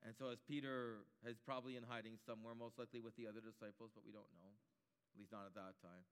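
A man's voice: on the low side, level tone, fast, smooth, in a large hall. A man preaching a sermon, building his points through emphatic repetition.

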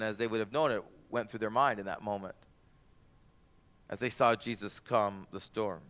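Guy preaching a sermon, super clear voice, gets loud and fired up on the quotes. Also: on the low side, normal speed. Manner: animated, rises loud for quoted cries. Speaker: pastor.

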